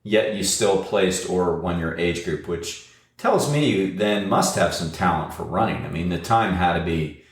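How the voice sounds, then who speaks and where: Podcast host guy, really deep voice, rambles a bit, echoey room. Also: animated, moderate pace. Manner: chatty, rambling, many uhs. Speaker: podcast host and running coach. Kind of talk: podcast interview.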